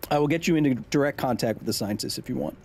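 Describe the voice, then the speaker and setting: A man's voice: medium pitch, racing, gravelly, a little hiss or hum. A man in his thirties hosting a live gaming stream. He chats, explains science and reads out viewer messages. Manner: chatty, explains science, reads chat aloud; jumpy, yells when startled.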